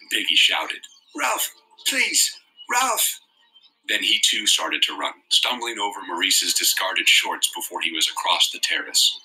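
A man reading a novel aloud in a steady, measured narration. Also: sits low, a little hiss or hum, poor audio. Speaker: reader.

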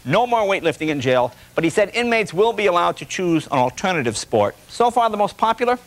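A man's voice: sits high, fairly quick. A man hosting a talk show, delivering a stand-up comedy monologue with punchy jokes, recorded from a 1990s TV broadcast before a live studio audience. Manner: punchy joke delivery with animated voice swings. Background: loud audience laughter and noise.

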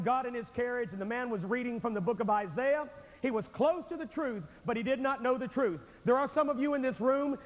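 High-voiced preacher in a reverberant hall. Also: male voice. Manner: folksy, emphatic, addresses the crowd directly. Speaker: revival preacher. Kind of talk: revival sermon. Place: large church sanctuary with thousands present. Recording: reverberant hall on an old VHS tape.

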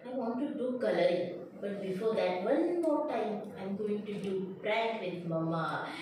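A woman voicing a mischievous little girl who plays pranks, with drawn-out, sing-song wailing. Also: medium pitch, natural voice. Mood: scheming. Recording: echoey room from far off, noisy.

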